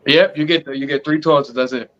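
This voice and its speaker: Animated New man, lo-fi sound. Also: fairly high pitch, brisk. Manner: animated storyteller, acts out other people's lines. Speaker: podcast co-host. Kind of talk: casual chat. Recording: dull lo-fi sound.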